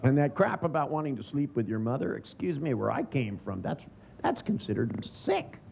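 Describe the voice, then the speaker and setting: A man's voice: medium pitch, very animated, normal speed, gravelly. A man in his sixties giving a humorous seminar lecture, sardonic in tone and acting out the voices he quotes. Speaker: seminar trainer. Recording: dull lo-fi recording with faint noise.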